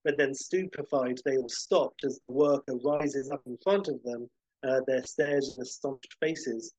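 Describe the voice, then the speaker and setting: A man hosting a podcast, casually rambling through a film pitch scene by scene with lots of fillers. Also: normal speed, a little mellow, no room sound, low-quality recording. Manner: rambling, many fillers and restarts, vivid scene-by-scene description.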